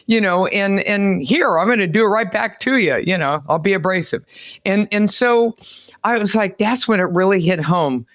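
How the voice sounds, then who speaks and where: Animated woman podcast host. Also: medium pitch, normal speed, no room sound, studio quality. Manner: animated, exclamatory storyteller. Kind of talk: lively interview chat.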